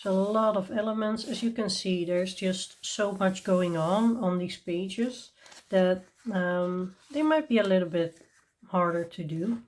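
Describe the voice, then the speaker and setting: Slow, chatty woman presenting craft books. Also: mid-range voice, darkish tone. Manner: chatty and enthusiastic, with many ums and small laughs. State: tired and yawning. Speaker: coloring channel host. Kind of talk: casual show-and-tell review.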